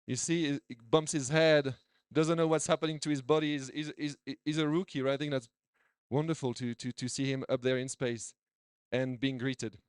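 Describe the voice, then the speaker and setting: A man's voice: mid-range voice, steady tone, normal speed, clear, resonant tone, no room sound. A man, a doctor, giving a conference talk with slides, chatty, with many restarts and repeated words. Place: conference hall.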